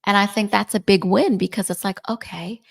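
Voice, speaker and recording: A woman in her forties co-hosting a podcast speaks fairly quickly in a gravelly, mid-range voice with fairly even intonation. The chat is casual, and she often tags her points with "right?".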